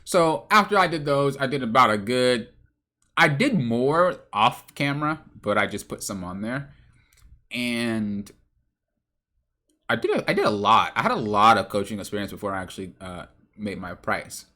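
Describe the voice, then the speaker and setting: A man with a bright, forward voice tells a loose, rambling story on his own podcast. His pitch swings widely as he goes, and he stumbles and restarts his sentences, correcting himself mid-thought. It sounds like casual, unscripted talk about coaching games. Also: animated, normal speed. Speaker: podcast host and game coach.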